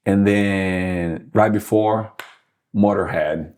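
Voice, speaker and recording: Guest musician: very deep-voiced brazilian man, forties, accented english, halting, fillers. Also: fairly even intonation, a little mellow. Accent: Brazilian Portuguese. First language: Portuguese. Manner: halting, many fillers and restarts. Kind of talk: casual interview chat.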